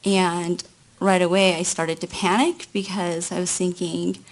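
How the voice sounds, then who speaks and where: A woman giving courtroom testimony at an unhurried, careful pace. Her voice carries a gravelly rasp at the bottom of its range, and she recounts events slowly and haltingly, pausing between phrases. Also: lowish voice, level tone. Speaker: trial witness.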